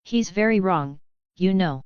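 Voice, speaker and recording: A woman reading the part of a confident, smirking young male warlock who speaks calmly and firmly. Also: fairly low pitch, a little slow, smooth, no room sound, highs cut off. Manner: calm, firm, knowing.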